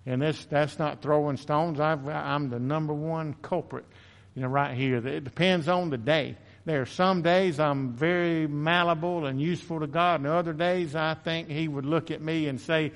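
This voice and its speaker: A man's voice: on the high side, steady tone, normal speed, in a large hall. A man preaching a sermon as pastor, earnest and self-confessing, often repeating words as he builds emphasis. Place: church sanctuary.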